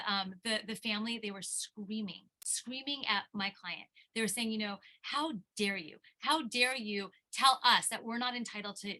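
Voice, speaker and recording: A woman's voice: mid-range voice, bright, forceful tone. A middle-aged woman attorney giving an impassioned seminar talk, telling a story with lots of restarts and repeated words. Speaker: elder law attorney speaking at a seminar.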